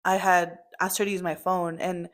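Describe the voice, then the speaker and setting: A young woman recounts a family story in loose, casual conversation, her voice sitting a little low. She talks in a chatty way, stringing thoughts together with plenty of "like" and "um.". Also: level tone, normal speed. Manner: chatty, full of "like" and "um" fillers. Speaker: daughter telling her story.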